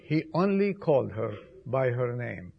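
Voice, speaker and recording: A man preaching an Easter sermon, with emphatic repetitions, swinging between loud appeals and soft, hushed passages. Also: medium pitch, big pitch swings, gravelly, breathy edge, dull audio. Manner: slow, emphatic delivery with repetitions.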